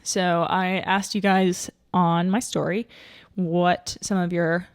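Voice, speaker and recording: Her voice sits fairly low, delivered flatly and slowly, smooth and clean with no room sound in the studio recording. She's a young podcast host doing casual solo talk, thinking out loud with fillers and false starts while a bit out of breath.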